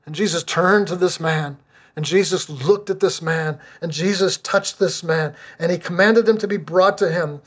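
A middle-aged male pastor preaching a sermon, earnest and deliberate, repeating phrases for emphasis. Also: sits high, a bit bright.

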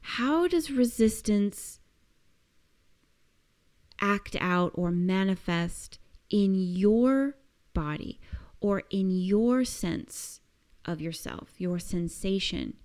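A woman coaching listeners through a reflective self-help exercise, speaking gently and searchingly with frequent soft laughs. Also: mid-range voice, lively intonation, drawn-out words, long pauses. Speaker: coach giving a weekly task.

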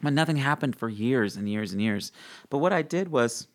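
Young male guest, excitable storyteller who jumps into a high voice for quotes and laughs a lot. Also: normal speed. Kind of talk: animated faith testimony in an interview.

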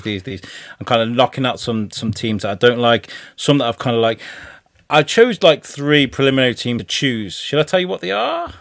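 A man's voice: mid-range voice, a bit bright, dry recording, clean studio sound. A man, chatting loosely on a podcast, swearing and laughing as he rambles. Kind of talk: casual podcast chat.

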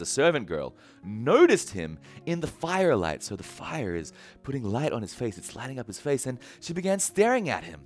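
Male pastor, casual sermon, animated pitch, acts out the story's lines, faint music underneath.

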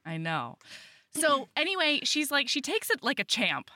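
This is a young woman co-hosting a podcast in easy, animated conversation. Her voice is bright and fairly high, swinging widely in pitch as she gasps and giggles through a story. The sound is close and dry. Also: normal speed, no room sound. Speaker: podcast co-host. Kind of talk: casual chat.

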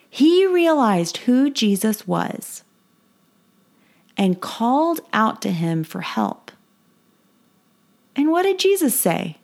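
A woman hosts a kids' Bible lesson podcast with a somewhat high, bubbly voice. She talks with enthusiasm, leaning on key points and repeating them. She takes her time between phrases. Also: big pitch swings, slow, long pauses, darkish tone. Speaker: Bible teacher and podcast host.

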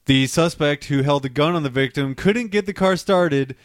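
A man's voice: on the high side, moderate pace, no echo, clean studio sound. A man co-hosting a casual podcast, reading odd news stories aloud, stumbling over words and cursing at his own slips.

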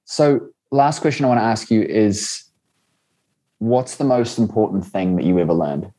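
A man hosting a podcast interview in a relaxed, conversational way. His voice is very low and dark, mellow in tone. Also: moderate pace. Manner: conversational, asks questions. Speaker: podcast host.

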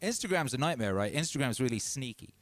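A man hosting a DJ livestream, chatting casually and rambling between shout-outs to his viewers. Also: mid-range voice, very animated, fast talker. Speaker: DJ and livestream host. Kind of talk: casual livestream chat over music. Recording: loud music playing under the voice.

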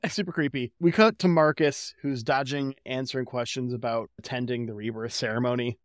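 A man with a mid-pitched voice, recapping an episode as a podcast co-host in easy casual chat. He is wry and swears offhandedly. The recording is close and dry. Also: steady tone, fairly quick, no echo.

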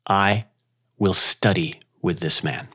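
Low-voiced man telling a story slowly. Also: fairly bright tone, husky. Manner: unhurried, reflective, dramatic pauses. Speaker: yoga studio owner. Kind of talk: personal storytelling.

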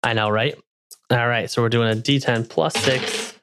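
A man's voice: medium pitch, fairly even intonation, moderate pace, fairly bright tone, slight background noise. A man playing a tabletop game, describing his character's moves with gusto. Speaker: player. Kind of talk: casual tabletop game play.

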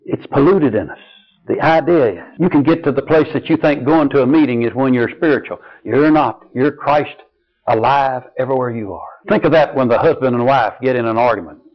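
An older man preaches a sermon and shares personal stories, slow and earnest, dropping soft and low on key lines. The recording is dull and lo-fi.

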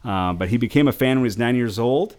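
A man's voice: medium pitch, fast talker, a little mellow. A man hosting a casual podcast, rambling through entertainment news with frequent laughs and self-corrections. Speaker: podcast host.

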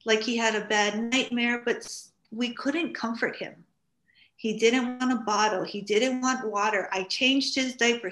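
Chatty woman from Hawaii, roomy echo. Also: on the high side. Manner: animated, acts out quoted speech. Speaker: guest. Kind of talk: casual storytelling.

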